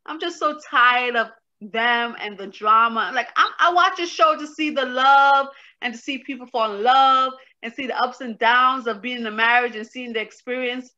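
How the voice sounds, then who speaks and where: A woman vents and retells scenes with animated exasperation in a casual co-hosted chat. Her voice is high and bright. The recording sounds dull and lo-fi. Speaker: co-host reviewing a reality show.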